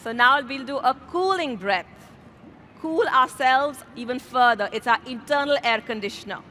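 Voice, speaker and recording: A woman yoga instructor calmly guiding a class outdoors through breathing exercises, speaking slowly and gently. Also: sits high, a little hiss or hum. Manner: calm, slow, gently instructive. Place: outdoors in a city square.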